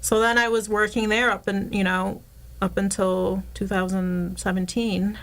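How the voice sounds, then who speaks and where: A woman's voice: medium pitch, a little slow. A woman guest on a community radio interview, telling a personal story casually and acting out the quoted exchanges with a lifted voice. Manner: animated, acts out quoted exchanges with a raised voice; self-described hothead, casual with many "like"s. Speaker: guest, local realtor. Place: radio studio.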